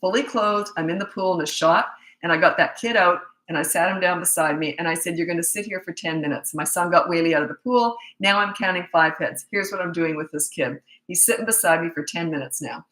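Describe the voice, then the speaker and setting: A middle-aged woman coaching parents, telling a story in a direct, no-nonsense, animated way. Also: lowish voice, fairly quick, few pauses, reverberant, low-quality recording. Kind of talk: casual storytelling advice.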